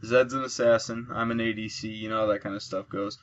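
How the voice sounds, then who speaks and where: A man's voice: fairly low pitch, fairly quick. Guy doing let's play commentary, explains stuff, hypes his kills, a bit muffled lo-fi sound. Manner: chatty, explains mechanics, excited bursts at kills. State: sleepy, yawning. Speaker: gameplay commentator.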